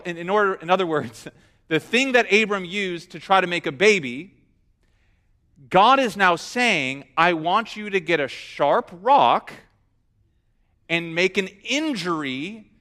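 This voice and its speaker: A man preaching a sermon, telling the story with humor and acting out the quotes. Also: sits high. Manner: animated storyteller, acts out quotes. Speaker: pastor.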